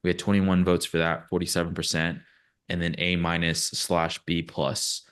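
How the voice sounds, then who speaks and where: Guy with a real low voice, laid back podcast chat, lots of ums. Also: normal speed, smooth. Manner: relaxed, hesitant with many fillers. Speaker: podcast co-host. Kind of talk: casual sports chat.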